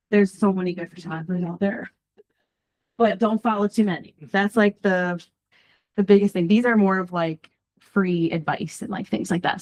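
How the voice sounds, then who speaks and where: A woman gives a casual talk to a small group about social media content, bubbly and chatty with plenty of ums and likes. Her voice sits at an everyday middle pitch. She sounds a little nervous, as a first-time presenter would. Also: darkish tone. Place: small in-person group session.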